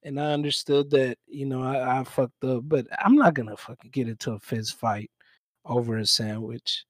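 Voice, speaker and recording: A young man co-hosting a podcast, telling a story in a casual, relaxed way, swearing freely and acting out both sides of the exchange. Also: mid-range voice, moderate pace, dry recording, rough recording. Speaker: podcast co-host. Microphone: own mic, remote call.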